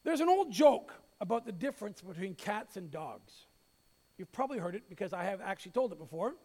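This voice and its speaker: High-voiced pastor preaching in a reverberant hall. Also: male voice, brisk. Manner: storytelling with light humor, expressive. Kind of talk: sermon.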